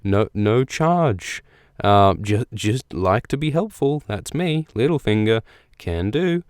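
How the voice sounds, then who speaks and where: A man's voice: expressive, slow, darkish tone, clean tone, no room sound, studio quality. A man playing a smarmy, scheming brothel-keeper lord who offers favours in a casual, wheedling way. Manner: smarmy, casual sales pitch.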